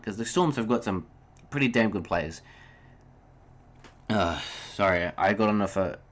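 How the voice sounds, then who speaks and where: A young man hosting a solo sports podcast, ranting heatedly about referees, swearing and then apologizing. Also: lowish voice. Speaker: podcast host.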